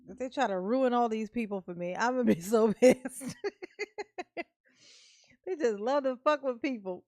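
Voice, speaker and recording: A woman's voice: medium pitch, unhurried, pauses often, darkish tone, no echo, studio quality. A woman hosting a reaction video, chatting casually and animatedly, laughing often and swearing freely.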